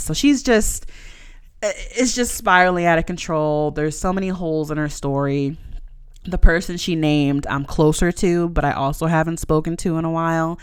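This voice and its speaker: A woman's voice: sits low, moderate pace, clean tone, no echo, studio quality. A young adult woman hosting a podcast, telling a personal story frankly and emotionally, with casual swearing and lots of fillers. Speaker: podcast host.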